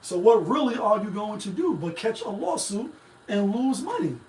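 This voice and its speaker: A man's voice: sits high, very animated, moderate pace, darkish tone. A man hosting a live-stream talk show, rambling in casual, profane commentary straight to his viewers. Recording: echoey room, mic at a distance.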